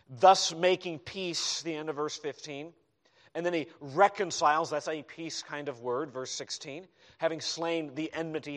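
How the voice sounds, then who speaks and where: A man preaching a sermon as pastor, emphatic, dropping into quiet asides to the congregation. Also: on the high side. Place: church hall.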